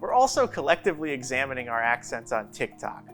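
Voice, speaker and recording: Lively New Jersey news reporter. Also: male voice, mid-range voice, quick pace, faint music behind. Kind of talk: scripted news narration.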